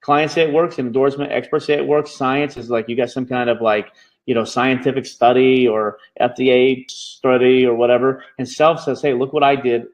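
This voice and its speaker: A man teaching a live online marketing class, talking quickly and checking in with his students every few phrases. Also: mid-range voice, little pitch movement, low-quality recording. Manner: fast-talking, constantly checking in with "okay?". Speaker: marketing bootcamp instructor.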